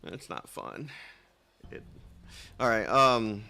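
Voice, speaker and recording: A man's voice: on the low side, lively intonation, moderate pace, vocal fry, pauses often, bright, forceful tone. A man streaming a game, chatting casually and reading dialogue aloud, rambling and self-mocking as he stumbles over names.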